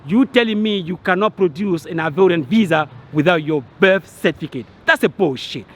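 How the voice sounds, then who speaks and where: High-pitched man ranting, exasperated. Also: a little fast. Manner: exasperated, repeats himself, stumbling restarts. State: agitated, annoyed. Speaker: vlogger. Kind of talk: angry rant to camera.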